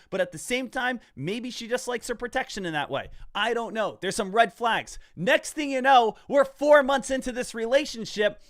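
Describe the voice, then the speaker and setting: High-voiced, energetic male trading coach. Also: dry recording, clean studio sound. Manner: energetic, talks straight to viewers as "guys" and "team"; repeats phrases for emphasis. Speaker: stock trader and trading coach. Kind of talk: casual trading lesson over live charts.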